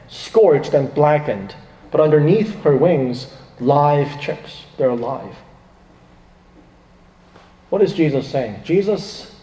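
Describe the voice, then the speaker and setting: A man's voice: a little high, warm tone. A man preaching a sermon, turning dramatic and emphatic when he quotes laments. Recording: echoey, reverberant hall.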